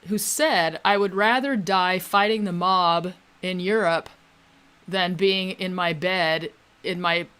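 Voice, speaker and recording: An earnest speaker in a casual conference conversation. The delivery is steady and affirming, with a mid-range voice. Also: mid-range voice, slow pace, smooth.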